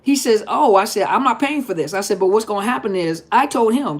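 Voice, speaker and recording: A woman's voice: medium pitch, lively intonation, fairly quick, hardly any pauses. A middle-aged woman, a therapist hosting a live Q&A, talking casually and emphatically and repeating her points straight to viewers. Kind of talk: casual live-stream talk.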